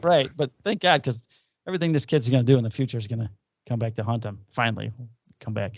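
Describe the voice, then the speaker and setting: Gravelly cop telling stories. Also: male voice, mid-range voice, fast talker, no echo, muffled recording. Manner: profane, animated anecdote telling with acted quotes. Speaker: podcast co-host, police officer. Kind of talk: casual storytelling chat.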